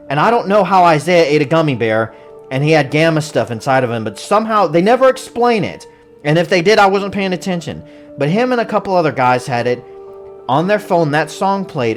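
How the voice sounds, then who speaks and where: A movie reviewer giving a casual, rambling recap full of jokes and frequent laughter. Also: medium pitch. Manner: rambling and joking, laughs often. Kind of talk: casual spoiler-filled recap.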